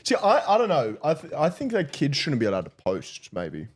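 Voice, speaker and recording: A man's voice: a little high, wildly swooping pitch, moderate pace, breathy edge. A young man co-hosting a casual news chat, giggly and prone to stammering restarts. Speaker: podcast co-host.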